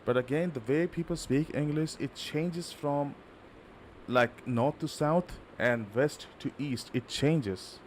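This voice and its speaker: A man's voice: a little high, slow pace, a little hiss or hum. A man from India with an Indian accent, chatting casually and rambling with many fillers while livestreaming a game. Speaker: livestreaming gamer. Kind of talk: casual live-stream chat.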